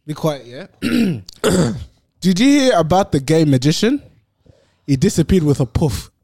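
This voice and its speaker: A man's voice: a little high, big pitch swings, warm tone. A young man on a podcast telling jokes, teasing the others and drawing out his punchlines. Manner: teasing, tells jokes with drawn-out delivery. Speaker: podcast co-host reading jokes. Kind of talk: joking group chat.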